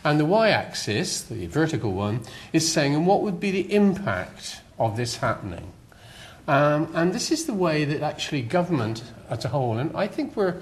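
Older West Country man lecturing. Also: medium pitch. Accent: West Country English. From West Country of England. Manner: chatty, self-deprecating, many fillers and restarts. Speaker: guest lecturer. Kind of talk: public lecture. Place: lecture hall.

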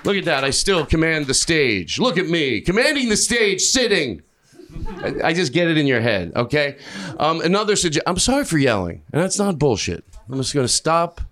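A man doing improvised stand-up comedy on a club stage, rambling, self-mocking and profane, high on an edible. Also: sing-song, normal speed, fairly bright tone.

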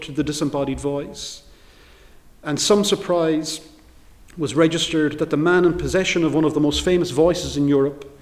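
A middle-aged barrister giving a formal history lecture, in a measured and deliberate delivery read from a prepared text. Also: male voice, a little high, darkish tone.

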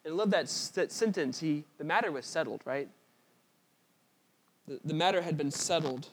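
A pastor preaching a sermon and reading aloud from a storybook, in an earnest, emphatic way, with repeated phrases. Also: male voice, fairly high pitch, animated, normal speed, slight background noise.

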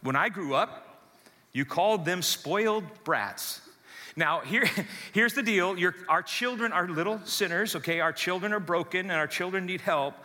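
Lively male pastor, bright forceful voice, long church reverb. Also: sits high, moderate pace. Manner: animated storytelling, acts out voices. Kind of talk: sermon.

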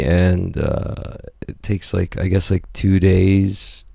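A man's voice: sits low, monotone, unhurried, creaky, warm tone, slightly rough, no room sound, studio quality. A man telling a story in casual podcast chat, rambling, profane and joking.

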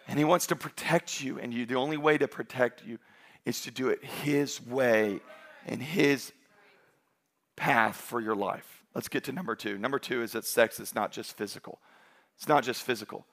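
A male pastor in his thirties preaching a sermon to a large church, telling stories in an emphatic, conversational way. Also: high voice. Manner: animated storytelling, emphatic and conversational.

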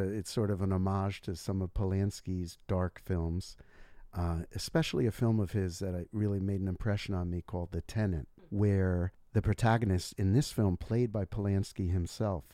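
A man speaks as an interview guest, explaining his views in a thoughtful, measured way. His voice is lowish and mellow. The recording is dry and close. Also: no echo. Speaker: guest author. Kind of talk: casual interview talk.

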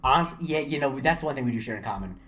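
A young man co-hosting a podcast in casual chat. He rambles, restarts his sentences and gets animated when a story takes off. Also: medium pitch, racing. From Florida. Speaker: podcast co-host.

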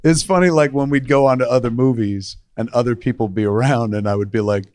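A man hosting a casual chat, telling stories in a profane, animated way and quoting other people's voices. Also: mid-range voice, quick pace. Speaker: podcast host, director.

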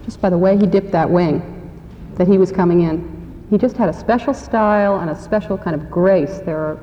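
A woman's voice: on the low side, moderate pace, a little hiss or hum. Woman telling anecdotes in a hall. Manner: warm anecdotal storytelling. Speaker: guest speaker. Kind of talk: storytelling at a public forum. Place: large church hall. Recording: reverberant hall, dull radio sound.

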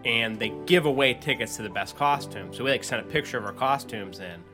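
A young man from the Pittsburgh area chatting casually, telling an animated story full of fillers and swearing. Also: medium pitch, brisk, over music. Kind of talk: casual podcast chat.

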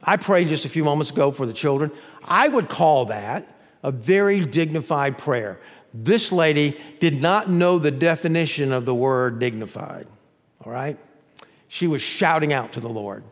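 Male pastor, sermon, fairly high voice, swells loud then hushes, long echo of a big hall. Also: lively intonation, moderate pace. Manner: preaching with sudden swells into loud crying-out; drops to a hushed, low voice at tender moments. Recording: long reverb of a large hall.

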